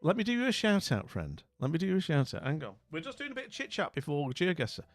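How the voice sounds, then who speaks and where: A talkative British man chats casually through a live stream, rambling and trailing off. His slightly high voice bounces up and down in pitch. The mic is close and dry, with faint music underneath. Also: huge pitch swings, quick pace, no echo. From Britain. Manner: chatty, rambling, trailing off into mumbles.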